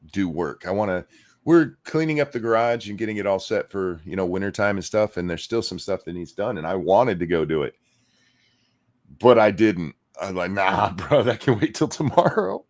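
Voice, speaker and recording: Low-voiced man hosting with lively, wry delivery. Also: moderate pace. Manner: wry, lively, joking about pain. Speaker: podcast host. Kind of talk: casual morning stream chat.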